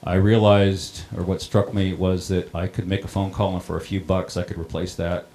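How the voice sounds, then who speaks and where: Deep-voiced man telling his own story. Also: little pitch movement, warm tone. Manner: plain-spoken, halting, many ums and restarts. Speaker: water district operator on a panel. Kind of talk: personal storytelling.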